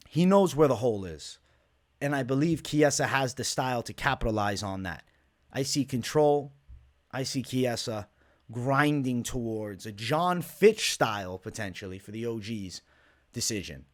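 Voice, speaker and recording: A man talking casually and with emphasis as he breaks down fight predictions and betting odds for his viewers. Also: mid-range voice. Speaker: MMA betting analyst.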